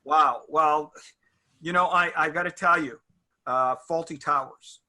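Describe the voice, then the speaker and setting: A middle-aged man speaks as an interview guest, with a very bright, forceful tone. He is a little higher than most men and wanders through his anecdotes reflectively, stopping and restarting as he goes. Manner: reflective, halting anecdotal storyteller. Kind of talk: casual interview chat.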